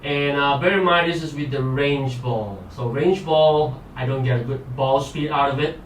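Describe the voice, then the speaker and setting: A man's voice: medium pitch, normal speed, echoey room, slight background noise. A man hosting a live golf fitness show, talking energetically and motivating viewers through exercises. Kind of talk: live-streamed workout and golf tips.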